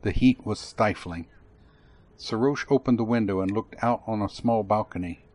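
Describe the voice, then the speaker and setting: A man narrating an audiobook in a steady, even tone. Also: fairly low pitch, moderate pace, no echo.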